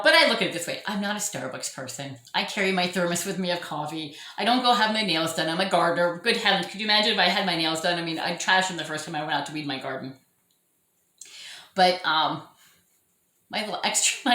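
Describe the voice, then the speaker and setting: Bright, chatty woman in an echoey room. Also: mid-range voice. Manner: chatty, rambling, self-mocking and laughing often. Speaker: orchid channel host. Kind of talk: casual chat to camera. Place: home room.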